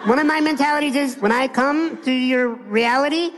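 A man's voice: extremely high pitch, normal speed, slight background noise. Playful man speaking in a reverberant hall. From United States. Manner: playful and animated, acting out other people's lines. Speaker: motivational speaker. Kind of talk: live motivational speech to an audience. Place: large hall before an audience.

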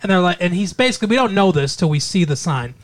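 This podcast co-host rambles through movie plots in loose, animated casual chat. The voice sits at an ordinary middle pitch and wanders from point to point. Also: quick pace.

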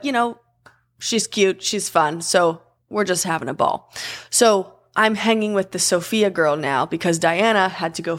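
A young woman tells a story from her own life in a relaxed, chatty way. She speaks in a mid-range voice and gets animated, jumping up in pitch whenever she quotes someone. The tone stays casual and conversational throughout.

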